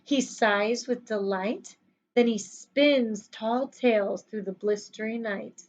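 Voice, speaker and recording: A woman teacher reading a picture book aloud to children, in an animated sing-song way with chatty asides to them. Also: on the high side, slow pace.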